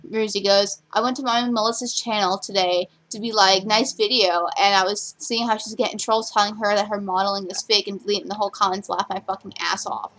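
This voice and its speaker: A young woman with a voice of ordinary pitch, talking straight to her own vlog camera. She rants bluntly and swears often, reading other people's chat messages aloud in a running string of complaints. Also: a bit bright. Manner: blunt, profane, rapid-fire ranting. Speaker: vlogger.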